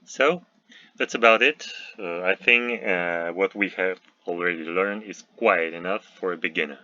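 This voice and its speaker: A man teaching a recorded language lesson, speaking carefully with frequent pauses, fillers and restarts. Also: low-pitched, pushed and bright, highs cut off.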